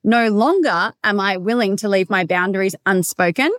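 A woman's voice: medium pitch, moderate pace, a bit bright, dry recording. A woman coach talking alone on her podcast in a direct, emphatic way, swearing casually as she reflects. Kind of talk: solo podcast monologue.

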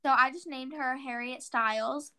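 A teenage girl chatting on a podcast with a high, bright voice. She rambles through a story with plenty of "like"s and jumps into her own past exclamations as she tells it. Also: fairly even intonation, normal speed, clean tone. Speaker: podcast co-host. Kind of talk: casual chat.

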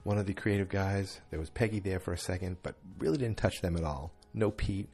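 A man's voice: low-pitched, brisk, noisy background. A tired man yawning through a chatty, rambling late-night recap of a TV episode, full of fillers.

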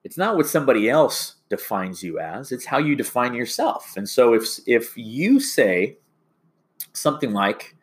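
A man's voice: mid-range voice, big pitch swings, a little slow. A male teacher giving a classroom lecture, rambling and often restarting his sentences.

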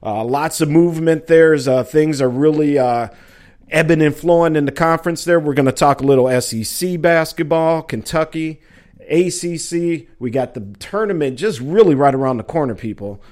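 A man's voice: a little high, moderate pace, darkish tone. A middle-aged man hosting a casual sports talk show, rambling and joking with listeners. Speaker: sports podcast host.

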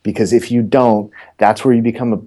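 A man's voice: mid-range voice, fairly quick. A middle-aged man, a real estate coach, telling stories and joking in a casual interview. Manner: animated, joking storyteller.

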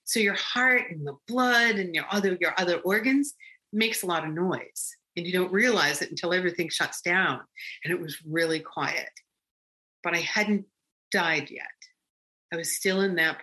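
A woman guest recounting a personal experience in conversation, animated and rambling with frequent restarts. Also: fairly low pitch, moderate pace, rough recording.

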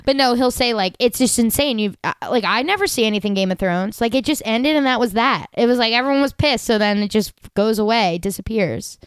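Gushing young woman with a smooth voice. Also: a little high, fairly quick, hardly any pauses, no echo. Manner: gushing, animated, lots of "like" fillers. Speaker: podcast co-host. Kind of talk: casual recap chat.

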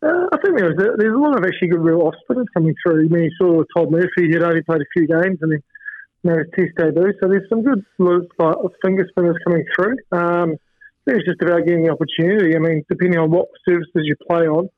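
A man from New Zealand, a former fast bowler and coach, chatting casually with lots of fillers over the phone. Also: high voice, no room sound. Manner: relaxed, rambling with many fillers. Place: home in Queensland, by phone. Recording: tinny phone line.

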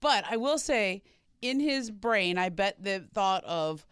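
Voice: mid-range voice, expressive, slow pace, fairly bright tone, smooth, dry recording, clean studio sound. A sports commentator speaking casually, explaining points reflectively.

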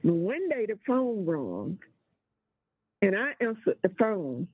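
A woman phones in to share a personal ghost story, her voice husky and a little breathy. She takes her time, drawing out key words for emphasis. The line is narrow and tinny, with a dry, close sound. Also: mid-range voice, big pitch swings, no room sound. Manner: slow, deliberate storytelling with drawn-out emphasis. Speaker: caller. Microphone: phone call.

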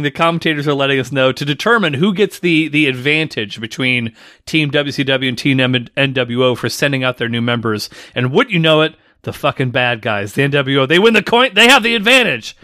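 A man's voice: a little high, lively intonation, brisk, pushed and bright, no room sound, studio quality. A man co-hosting a podcast, recapping a wrestling match in casual chat and teasing his partner. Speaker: podcast co-host.

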